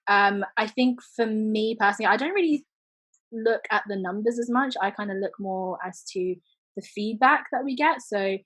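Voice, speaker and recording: A woman's voice: mid-range voice, normal speed, a bit bright, no echo, rough recording. A young woman from the Philippines with a British accent, answering questions casually after a talk and filling her answers with ums and small laughs. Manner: chatty, lots of fillers and little laughs. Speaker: podcast host giving a talk.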